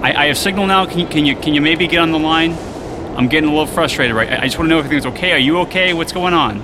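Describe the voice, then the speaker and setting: A man's voice: on the high side, racing, background noise, close to an everyday voice. A man playing a stammering, panicked homeowner. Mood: anxious. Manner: stammering, repeats words. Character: panicked young man losing his home AI.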